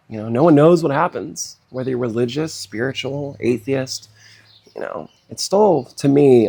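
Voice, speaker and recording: A middle-aged man telling a painful personal story in a halting, emotional way, with many pauses, fillers and sighs. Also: medium pitch, vocal fry, a little mellow, husky. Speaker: personal vlogger.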